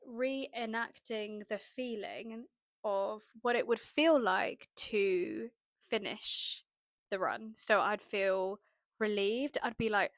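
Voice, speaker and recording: A young woman from the UK tells a personal story to camera in a chatty, animated way, and she acts out her inner thoughts as she talks. Her voice sits a little high. The sound is dry and close. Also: dry recording. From United Kingdom. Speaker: manifestation vlogger.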